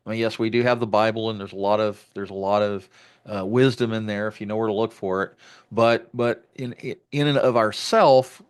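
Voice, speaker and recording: Male podcast host, lower voice, reflective conversational delivery with frequent restarts. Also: fairly even intonation, a little fast, clean tone. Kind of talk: conversational interview.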